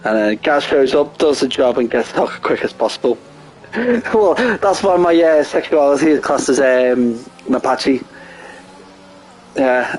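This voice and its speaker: A man giving casual live sim racing commentary, excitable and jokey, often laughing at his own crude remarks. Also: medium pitch, slight background noise, rough recording. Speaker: race commentator.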